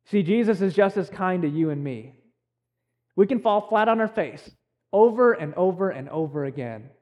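A young male pastor delivers a sermon in a high-pitched voice. He talks in an earnest, conversational way, pausing and restarting as he goes. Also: expressive, dull audio. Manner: earnest, conversational preaching with many pauses and restarts.

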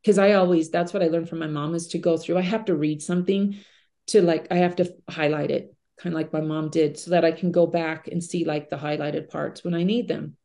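A middle-aged woman with a mellow, warm voice, sitting a touch low in pitch, shares personal stories as a podcast guest. She talks earnestly and conversationally, leaning on everyday fillers as she reflects. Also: steady tone, a little fast.

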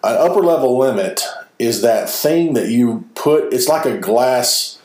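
A man's voice: medium pitch, a little slow. A man in his forties co-hosting a podcast, chatting casually and rambling with fillers. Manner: relaxed, rambling, with fillers and self-corrections. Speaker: podcast co-host. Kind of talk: casual conversational podcast chat. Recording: roomy echo.

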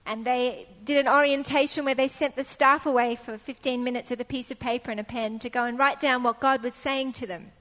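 High-voiced woman preaching in echoing hall. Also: steady tone, a little fast, few pauses, fairly bright tone. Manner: earnest, storytelling, repeats phrases for emphasis. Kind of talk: sermon.

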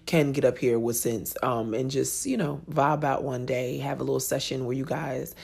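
A woman's voice: a bass voice, steady tone, moderate pace, gravelly, a little mellow, husky. A woman in her thirties hosting a podcast, telling a personal story in a frank, profane way and laughing easily. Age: 30s. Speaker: podcast host.

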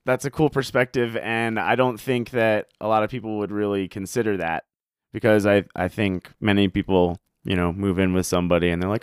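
Young male host, casual chat, smooth lowish voice, dry close recording. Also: fairly quick, no echo. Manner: relaxed, swears casually, acts out quotes. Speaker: podcast host.

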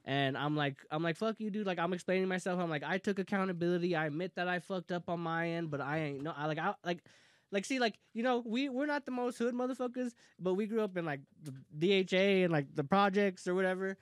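A young man casually telling a heated story among friends, profane and animated, often laughing. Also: sits high, fast, clear, resonant tone, dry recording, clean studio sound.

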